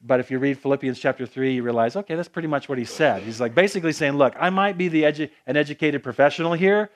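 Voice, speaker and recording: A man preaching a conversational sermon, with frequent restarts and casual asides to the congregation. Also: mid-range voice.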